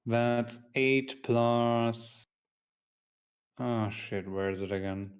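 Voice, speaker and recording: Slow, hesitant man playing a tabletop game. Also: mid-range voice. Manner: hesitant, many ums, mutters when he slips. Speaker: player.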